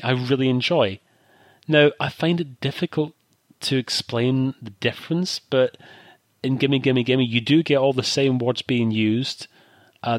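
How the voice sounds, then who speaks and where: A man chats casually on a podcast and circles back over his own points, restarting phrases as he thinks aloud. His voice sits at an ordinary middle pitch, and the recording is dry and close, with no room sound. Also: no echo. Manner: rambling, thoughtful, many restarts. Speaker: podcast co-host. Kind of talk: casual chat.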